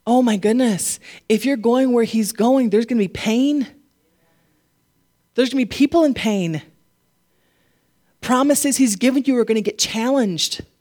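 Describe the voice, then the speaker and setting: A woman pastor preaching a sermon, animated and laughing often, getting emotional at times. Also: on the high side, measured pace, long pauses.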